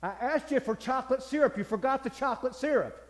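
Brief: a man doing a fussy older husband, raised whiny pitch, reverberant hall. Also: animated, fast. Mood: fussy demanding. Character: demanding retired old husband, fussy.

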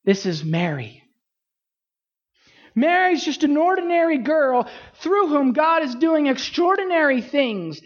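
A woman preaching a sermon, asking rhetorical questions and swinging her pitch widely for emphasis. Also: sing-song, a little slow, lo-fi sound.

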